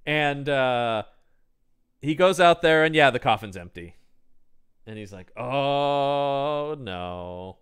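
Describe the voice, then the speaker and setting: Guy recapping a horror movie with his buddy, lively up-and-down voice, smooth and clear, keeps laughing and doing the characters. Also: mid-range voice, unhurried, long pauses. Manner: animated, laughs often, acts out characters' lines. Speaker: podcast co-host. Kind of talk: casual movie recap chat.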